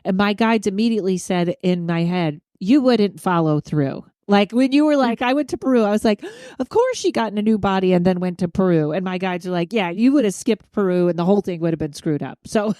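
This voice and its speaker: A woman hosting a podcast in casual chat, talkative and quick to laugh as she retells stories. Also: medium pitch, no room sound, studio quality. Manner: chatty, laughs easily, quotes people in animated voices. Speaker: podcast host.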